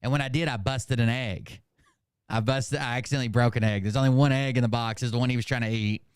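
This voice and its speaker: A middle-aged man telling a funny story casually, profane and animated, laughing at his own jokes. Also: medium pitch, fast talker, smooth, dry recording, studio quality. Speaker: host.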